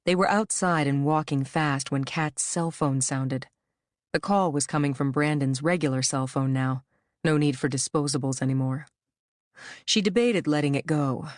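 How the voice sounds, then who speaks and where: A woman reading a thriller audiobook with a measured, wry storytelling manner. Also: sits low, no echo, studio quality. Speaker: audiobook narrator. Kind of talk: scripted audiobook narration.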